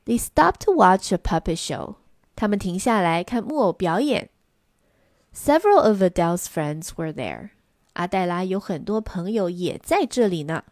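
A woman reading a children's story aloud in two languages, expressive and lively. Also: fairly low pitch, normal speed, no room sound, clean studio sound.

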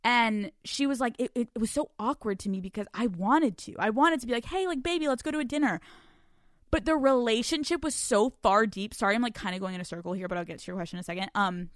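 A young woman hosts a casual advice podcast, cursing freely and laughing between lines. She acts out little quotes as she talks, in a middle-pitched voice recorded close and dry. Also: fast talker, few pauses, no echo. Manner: profane, animated, laughs often, acts out quotes. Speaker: podcast host answering listener questions.

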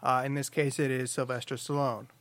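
A man's voice: medium pitch, level tone, brisk, fairly bright tone, dry recording. A man hosting a comic book podcast, joking and laughing often as he talks. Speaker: podcast host. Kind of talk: casual comedic chat.

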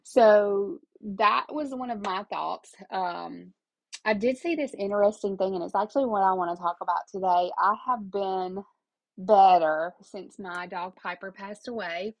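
A woman's voice: medium pitch, measured pace, no room sound, rough recording. A middle-aged woman, talking casually and emotionally as a podcast host, rambling from one thought to the next. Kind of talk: casual personal talk.

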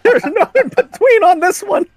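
A woman's voice: very high-pitched, expressive, moderate pace, no room sound. A woman playing a tabletop game, thinking aloud in a chatty, casual way. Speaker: player.

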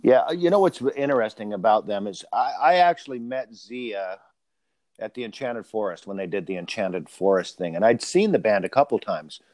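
A man's voice: lowish voice, animated, normal speed, darkish tone, no echo. A man hosting a casual conversation, telling long, rambling stories. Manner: rambling anecdotal storyteller.

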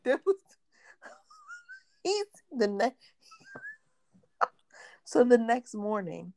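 A woman in her thirties speaks very slowly in a slightly high voice. As a podcast co-host she chats casually, telling stories and animatedly acting out quotes.

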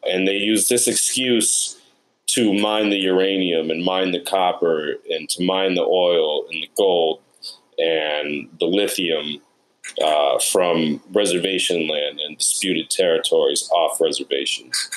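This New York production sound mixer speaks low and steady at a slow pace, telling interview stories about his work and voicing the people he met in quoted dialogue. The recording quality is low.

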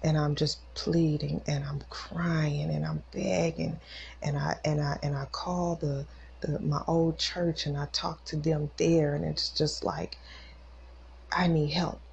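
Woman, low gravelly voice, emotional faith testimony, casual storytelling, dull lo-fi recording with faint hiss. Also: flat delivery, unhurried, darkish tone. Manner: emotional, acts out quoted voices. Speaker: podcast host.

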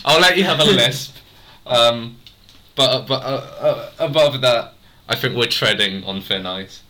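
A man's voice: medium pitch, a little slow, pushed and bright. A man acting as game master, easygoing and laughing as he sets table rules. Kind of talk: casual chat among players.

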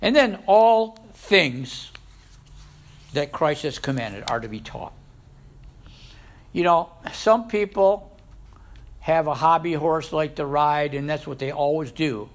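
A man preaching a sermon as a pastor, with sudden loud rises and soft drops. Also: on the high side, unhurried, pauses often.

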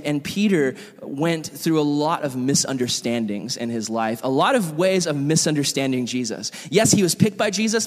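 A pastor preaching a conversational sermon, telling stories and quoting the people in them. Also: male voice, on the high side. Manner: conversational storytelling with quoted voices. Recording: long hall reverb.

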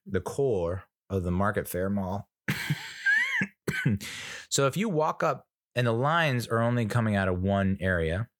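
A man's voice: lowish voice, a bit bright, dry recording, studio quality. A middle-aged man telling a rambling, exasperated story in casual monologue, swearing freely and acting out what others said. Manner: rambling, exasperated, profane, acts out other people's lines. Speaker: podcast host.

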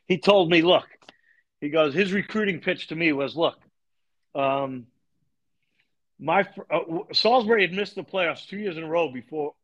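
A man's voice: fairly high pitch, poor audio. A middle-aged man from Long Island, a lacrosse coach telling stories as a podcast guest and acting out the dialogue in them. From Long Island, New York. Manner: animated storyteller, acts out quoted dialogue. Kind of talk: storytelling in a podcast interview.

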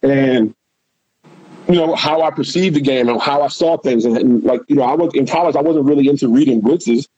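A man's voice: medium pitch, fairly quick, dark tone, no room sound, dull audio. A man who is a former pro football player, telling candid, profane stories in a casual interview. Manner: candid, profane, loose storytelling.

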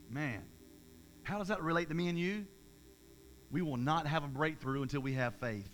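A man, preaching a sermon in an energetic, emphatic way, with repeated phrases and restarts. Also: on the high side, normal speed, a little hiss or hum.

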